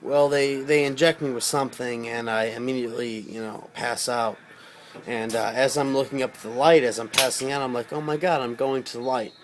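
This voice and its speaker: A man telling a personal story in casual, rambling speech, swearing freely and getting loud when he quotes himself. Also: mid-range voice, fairly even intonation, brisk. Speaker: storyteller recounting a personal experience.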